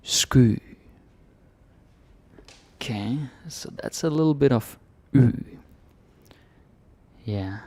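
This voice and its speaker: A man from Denmark teaching pronunciation in a relaxed, joking way, often dropping into whispers. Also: mid-range voice, slow, pauses often. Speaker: language teacher. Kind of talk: casual pronunciation lesson.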